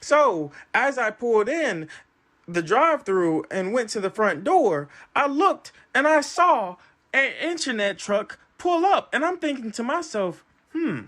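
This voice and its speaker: Man, casual storyteller, swooping animated pitch, acts out every quote. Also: unhurried.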